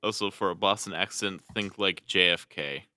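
As a podcast co-host, a man with a very low voice and a strikingly bright, forceful tone chats casually at a moderate pace. He's playful, laughs often, and occasionally stumbles over words.

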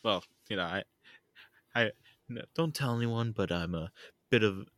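Giggly male podcast co-host, bright tone, dry close mic. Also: lowish voice, normal speed, no room sound. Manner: giggly, rambling with restarts. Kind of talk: casual podcast chat.

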